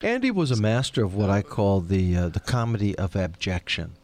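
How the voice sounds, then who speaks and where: A professor hosts a laid-back podcast, his voice swinging up and down with animated, wry energy. He laughs often and keeps the chat loose. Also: fairly low pitch, brisk, slight background noise.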